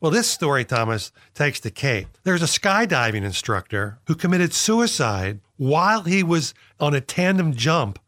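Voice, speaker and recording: A man co-hosting a casual chat show, cracking deadpan jokes. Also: on the high side, normal speed, hardly any pauses, no echo, clean studio sound. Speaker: podcast co-host.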